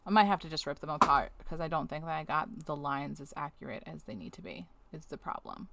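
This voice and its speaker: Deep-voiced yet fairly bright in tone, this woman streamer talks a little fast with a creaky quality, and a little hiss or hum sits under the webcam audio. She thinks aloud during a task in casual chat, scolding on-screen objects, then apologizing.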